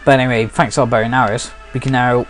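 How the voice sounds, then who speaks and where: A man talks through his game play in a relaxed, rambling way, sounding sleepy and often restarting his sentences. His voice sits at an ordinary middle pitch. Soft game music plays quietly underneath. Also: fast. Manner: rambling, frequently restarting and correcting himself. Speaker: let's play commentator. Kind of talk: casual game commentary.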